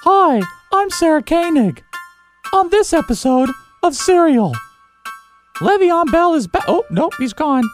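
A woman voicing an earnest female public-radio documentary narrator in a parody bit, with measured delivery and dramatic pauses. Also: very high voice, big pitch swings, heavily acted. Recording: music bed behind voice.

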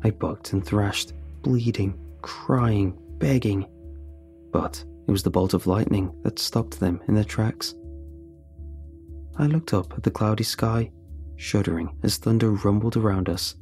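A man reads a first-person audiobook with steady, dramatic storytelling. His voice is low and mellow, with quiet music playing underneath. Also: a little slow. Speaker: narrator.

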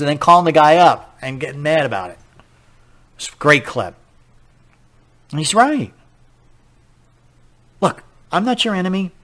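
A man hosting a political talk radio show, speaking in an animated, incredulous way, firing off rhetorical questions and now and then laughing at his own slips. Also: on the high side.

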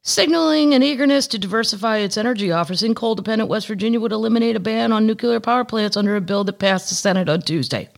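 A woman's voice: fairly high pitch, fast talker, creaky, hardly any pauses. A woman from Missouri hosting a casual podcast, chatting and joking while reading news stories aloud. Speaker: podcast host.

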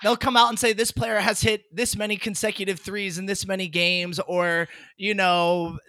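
Man, podcast guest, high-pitched, dry close sound, casual laughing chat. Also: level tone, moderate pace, pushed and bright, dry recording. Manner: laughing, chatty, uses "like" a lot.

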